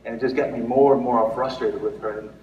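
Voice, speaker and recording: Here a forties-aged pastor speaks quickly in a medium-pitched, darkish, fairly even voice, captured as dull audio with a bit of hiss or hum from a far-off mic in an echoey room. His sermon is chatty and full of fillers and restarts; he laughs at himself and grows tearful.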